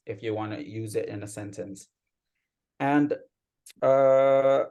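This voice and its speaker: A man giving a patient, explanatory grammar report as club grammarian at an online meeting, speaking over a video call. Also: medium pitch. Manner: patient explaining, steady teacherly tone.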